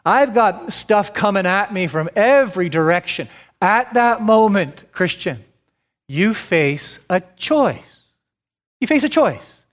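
A man in his thirties preaching a sermon as a pastor, asking deliberate, repeated rhetorical questions. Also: sits high.

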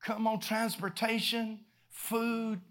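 A man preaching a sermon, telling a story with bursts of laughter, repeated words, and swings from loud to hushed. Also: high-pitched, little pitch movement, slow pace.

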